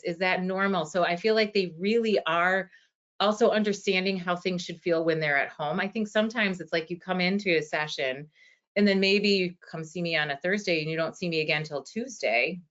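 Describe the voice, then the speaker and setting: A woman's voice: fairly low pitch, fairly bright tone. A woman in her forties, a physical therapist, answering questions in a webinar in an earnest, conversational way with many fillers. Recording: dull lo-fi webinar audio.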